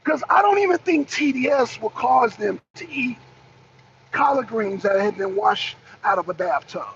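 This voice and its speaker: A woman's voice: fairly high pitch, expressive, normal speed. A woman hosting a political livestream, pressing the same questions again and again and answering viewers in the chat. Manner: emphatic, repeats rhetorical questions. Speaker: host. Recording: dull lo-fi stream audio with faint noise.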